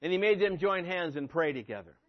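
Male pastor, high voice, emphatic sermon delivery with sarcastic asides; muffled lo-fi audio. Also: expressive, brisk. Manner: preachy, rising to emphatic peaks, dry sarcastic asides.

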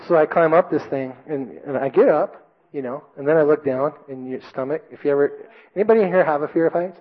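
A man preaching a sermon to a congregation, telling a personal story with lively, self-mocking delivery and loud acted-out voices. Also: a little high, fast. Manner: animated storytelling, shouting quoted drill sergeant. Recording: dull lo-fi recording.

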